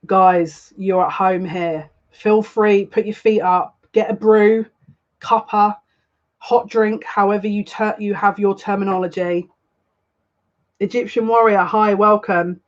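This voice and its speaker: A woman's voice: mid-range voice, fairly even intonation, unhurried, highs cut off. A woman giving a live collective card reading as a psychic, talking in a chatty, rambling and openly emotional way.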